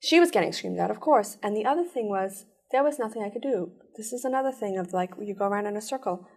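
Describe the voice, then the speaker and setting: A woman giving an earnest personal account in an interview, telling it in rushed bursts. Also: mid-range voice, lively intonation, darkish tone. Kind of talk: personal testimony.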